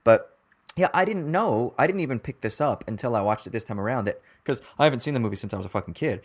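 A man from the Los Angeles area co-hosting a podcast, talking about a film in an animated way, laughing and swearing casually. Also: mid-range voice, fast, slightly rough. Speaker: podcast co-host.

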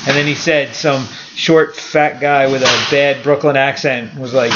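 A man's voice: mid-range voice, level tone, a little slow, few pauses. A man hosting a podcast and coaching martial arts, chatting casually and bluntly, rambling into stories. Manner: laid-back, blunt, rambling storyteller. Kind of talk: casual interview chat. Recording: lo-fi with clear background noise.

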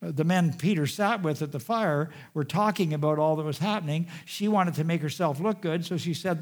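A man preaching a sermon, retelling a scripture story with dramatic swings from raised, urgent delivery to hushed, quiet passages. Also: on the high side, brisk, hardly any pauses. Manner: dramatic storytelling, rising loud and dropping hushed.

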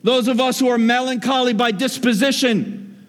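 A man preaches with a high-pitched voice that rings out in a reverberant church hall. He swings between loud, rising calls and quiet, low asides. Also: steady tone, normal speed. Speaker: pastor. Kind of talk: sermon.

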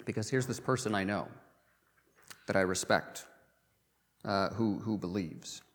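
A man preaching a sermon in a conversational way, often pausing with um and uh and repeating words as he goes. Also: fairly low pitch, big-room sound. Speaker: pastor.

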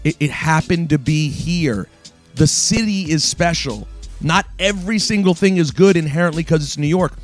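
A man with a slightly high voice hosts sports talk radio, ranting emphatically and speaking straight to his audience. Faint music sits behind him. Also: moderate pace. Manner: emphatic, ranting, addresses listeners directly. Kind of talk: opinionated talk radio monologue.

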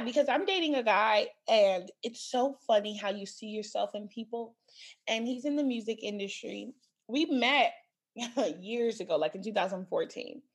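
Husky-voiced woman in her thirties, pitch a bit high, telling a dating story fast and animated, laughs as she talks. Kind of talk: casual chat.

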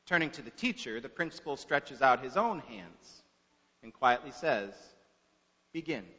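A man preaching a sermon through storytelling, with long pauses and shifts from soft to loud, heard in an echoey hall on a dull recording. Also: mid-range voice, very animated, slightly rough.

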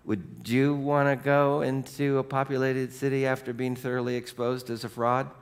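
A middle-aged male pastor preaching a sermon in a lively storytelling way, with casual conversational asides. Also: medium pitch, normal speed, few pauses, clean tone.

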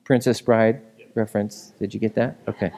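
A man's voice: on the low side, fairly even intonation, normal speed, a little mellow. A man preaching a sermon in a casual, conversational way, often asking his listeners questions. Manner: conversational, asks the room questions. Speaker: pastor.

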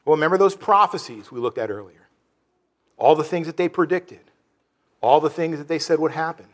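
A male pastor delivers a sermon in a somewhat high voice. He talks earnestly and haltingly, stumbling over restarts and fillers. On phrases of sorrow he sinks low and soft.

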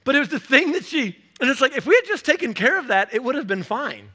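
A man in his forties preaching a sermon as a pastor, telling animated stories and acting out the voices of people in them. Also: very high voice, quick pace.

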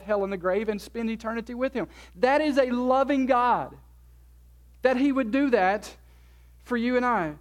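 Male preacher, very high pitch, earnest and encouraging, repeats phrases, sermon delivery. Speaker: pastor.

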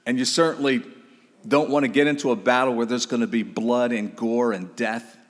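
A man's voice: medium pitch, steady tone, normal speed, big-room sound. A man preaching a sermon, emphatic and exhorting, with casual asides to the congregation. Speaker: pastor.

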